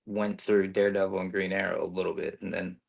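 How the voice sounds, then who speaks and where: A man co-hosting a casual comics chat, blunt and excitable, swearing freely. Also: low-pitched, fast, creaky. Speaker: podcast co-host.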